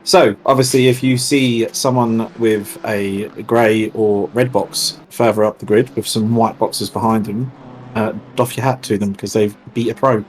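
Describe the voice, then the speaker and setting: A man's voice: fairly low pitch, fairly even intonation, measured pace, slight background noise. A man casually explaining rules and ideas on a live race-stream commentary, chatty and playful. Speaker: race series organiser co-commentator.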